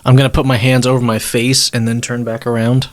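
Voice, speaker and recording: A man's voice: medium pitch, little pitch movement, fairly quick. A man taking his turn as a player in a tabletop game, hesitant and restarting his sentences. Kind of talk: casual tabletop game play.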